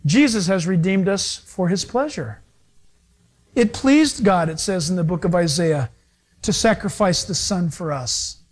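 A man preaching a sermon in a high, lively voice. His pitch swings widely as he acts out little scenes of dialogue. He talks as the pastor in front of a congregation. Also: unhurried. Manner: animated preaching with acted-out dialogue.

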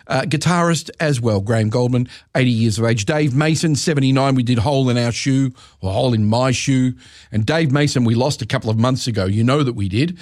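A man's voice: mid-range voice, fairly quick, a little mellow, no echo, studio quality. A man hosting a music radio show, rambling and correcting himself with chuckling asides. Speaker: radio presenter. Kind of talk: casual radio chat.

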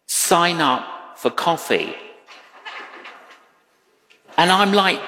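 Animated male preacher in a reverberant hall. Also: fairly high pitch, takes it slowly. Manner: animated storytelling with acted-out quotes. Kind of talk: sermon.

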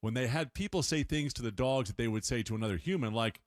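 A man's voice: medium pitch, quick pace, no room sound, clean studio sound. A man hosting a radio feature segment, presenting in a chatty style with playful asides. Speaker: radio show host.

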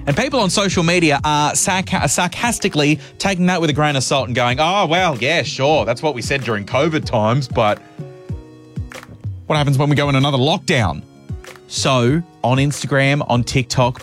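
A young Australian man hosting a radio show, chatting casually and rambling, correcting himself as he goes. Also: medium pitch. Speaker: radio host. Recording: radio broadcast with faint music.

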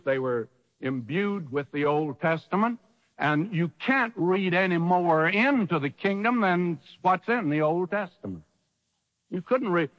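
A man preaching a sermon with emphasis, rhetorical questions and dramatic pauses. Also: a little high, a bit bright, long reverb tail, lo-fi sound.

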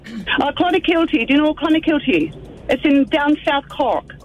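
A chirpy, laughing young Irish woman, put on by a caller on a dull, muffled phone line. Her voice sits high and bright. She keeps the lilt going even when questioned. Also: normal speed, soft background music. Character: young Irish woman friend touring Australia.

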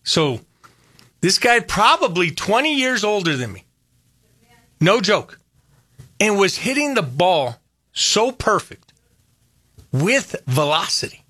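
Older dude on a radio show, husky and bright, voice bouncing all over, keeps repeating himself. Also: male voice, sits high, slow, pauses often, no echo. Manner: animated, storytelling, repeats phrases. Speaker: radio host. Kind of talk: casual radio chat.

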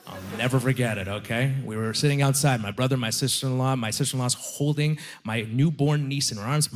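A young man doing a stand-up comedy set on a club stage, telling self-deprecating stories in a conversational way. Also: mid-range voice.

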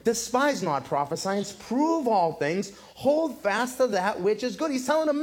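A male pastor preaching a sermon, telling a story with lively acted-out quotes. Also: extremely high pitch, moderate pace. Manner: animated storytelling, acting out quotes. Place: church in Massachusetts.

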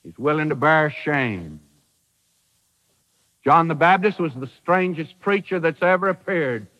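A man's voice: a little high, animated, unhurried, a bit bright, in a large hall, muffled recording. A man preaching a sermon, emphatic, with rhetorical questions and dry humor.

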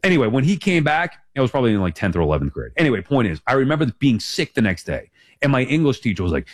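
A man's voice: medium pitch, big pitch swings, racing. A man in his forties hosting a sports talk show, rambling and emphatic as he corrects himself. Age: 40s.

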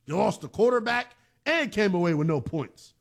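A man hosts a sports talk show, speaking in a fairly high voice. He delivers opinionated commentary with real emphasis. He sounds emotionally shaken. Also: sing-song, moderate pace, gravelly. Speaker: sports radio host.

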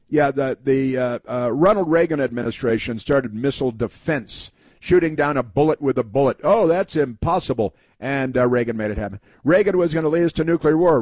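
A man hosts a call-in radio show in a rambling, chatty way, full of fillers and restarts. His voice sits at a middle pitch and is recorded close and dry in the studio, with no room sound around it. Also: a little mellow, no echo. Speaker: radio talk show host.

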